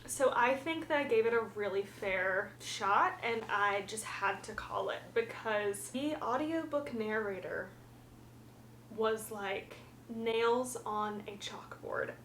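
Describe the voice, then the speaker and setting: Young woman from the South, casual book vlogger; frank and chatty with lots of fillers, a touch high-pitched, recorded in a roomy space with faint hiss. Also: slow pace, a bit bright. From Southern United States, the Carolinas. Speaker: book reviewer. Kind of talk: casual chat.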